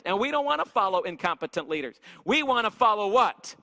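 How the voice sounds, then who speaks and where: In a church hall with long, echoing reverb, a man leads a church leadership seminar, telling stories and energetically questioning the audience. His high voice is sharp and very animated, moving fairly quickly with few pauses.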